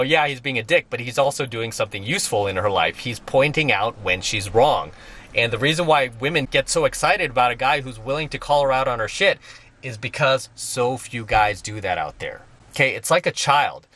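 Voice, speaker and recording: A man's voice: mid-range voice, pushed and bright. A middle-aged man giving a blunt, emphatic monologue as a dating coach, repeating his points for stress. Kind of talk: opinionated monologue to viewers.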